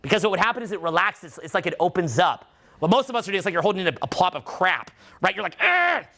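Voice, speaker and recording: High, bright-voiced male vocal coach. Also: quick pace, creaky. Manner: animated, acts out loud demonstration voices mid-explanation. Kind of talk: live workshop teaching. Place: workshop room with live students.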